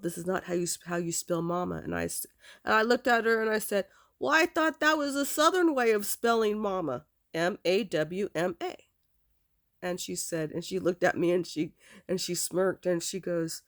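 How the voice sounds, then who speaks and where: A middle-aged woman telling her own family story casually, rambling and repeating "I said" as she recounts the dialogue. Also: lowish voice. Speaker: adopted daughter telling her family history.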